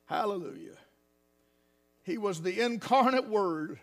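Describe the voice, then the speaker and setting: A high-pitched man delivers a sermon. He speaks softly at times, then climbs into loud, fervent preaching punctuated with hallelujahs. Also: expressive, measured pace. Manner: builds from quiet talk to loud, rising preaching with hallelujahs. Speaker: pastor.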